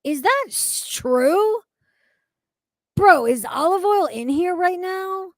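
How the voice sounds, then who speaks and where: A woman's voice: very high voice, animated, slow, no echo, clean studio sound. Blunt profane woman streamer. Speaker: streamer reading chat. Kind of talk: casual live-stream chat.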